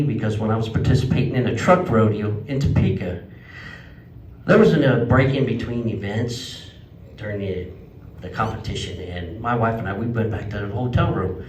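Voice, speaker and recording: A man doing a stand-up comedy set at a legion hall, telling folksy stories and jumping to a high voice for quoted outbursts. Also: a little hiss or hum. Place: legion hall stage before a live audience. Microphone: handheld microphone, picked up from some distance. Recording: echoey hall, mic at a distance.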